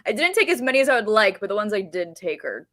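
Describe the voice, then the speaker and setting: A woman co-hosting a podcast, telling stories in casual chat with excited energy. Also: mid-range voice, quick pace. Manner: excited storytelling, frequent laughs, says freaking. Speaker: podcast co-host.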